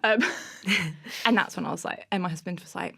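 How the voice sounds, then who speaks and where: A woman in her thirties, a podcast guest telling an animated story in casual interview chat, bursting into laughter often. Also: fairly low pitch, normal speed, creaky, breathy edge.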